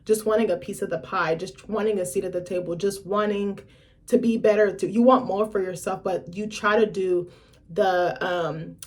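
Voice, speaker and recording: A young adult woman chats straight to her viewers in a loose, blunt vlog style. She swears freely and drifts into lively asides, her voice sitting at an ordinary middle pitch. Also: normal speed. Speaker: vlogger. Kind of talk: casual chat to camera.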